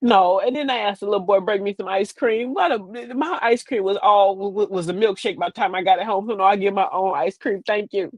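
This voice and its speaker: A woman, talking in a chatty, sassy way that rambles and circles back on her own phrases. Her voice sits at an ordinary middle pitch. The sound is dry and close, with no room around it. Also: fast, few pauses, no echo. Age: 50s. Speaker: streaming show host. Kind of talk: casual comedic monologue.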